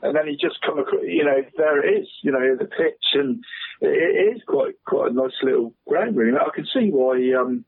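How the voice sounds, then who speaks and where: A regular football pundit chats casually on the radio about local football in a fairly high, expressive voice at normal speed. He rambles, laughs often and calls everyone "mate". His husky voice comes over a tinny phone line.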